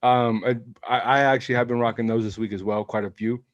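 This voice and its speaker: A man hosting a casual podcast in a relaxed, easygoing way, leading the segments. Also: medium pitch, fast talker, muffled recording. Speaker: podcast host. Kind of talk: casual sneaker podcast chat.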